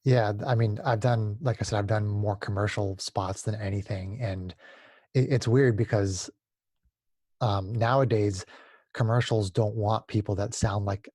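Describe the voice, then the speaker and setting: A man who works as a voice actor, explaining things in a measured, easygoing way as a podcast guest. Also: on the low side, darkish tone, no room sound, clean studio sound. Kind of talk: casual interview chat.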